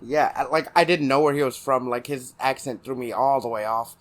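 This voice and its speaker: A man's voice: medium pitch, fairly quick. A man from South Texas, co-hosting a podcast in casual chat and telling meandering anecdotes. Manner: laid-back, meandering anecdotes. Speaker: podcast co-host.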